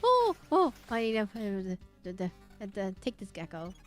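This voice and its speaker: A woman's voice: medium pitch, fairly even intonation, normal speed, darkish tone, faint music behind. A young woman streaming a game and chatting casually, rambling off on tangents with lots of fillers and restarts. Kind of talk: casual gameplay stream chat.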